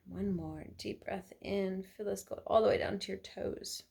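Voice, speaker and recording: A woman leading a guided meditation at home, talking in calm, gentle, unhurried instructions. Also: mid-range voice, gravelly, breathy edge. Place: indoors at home by an electric fireplace.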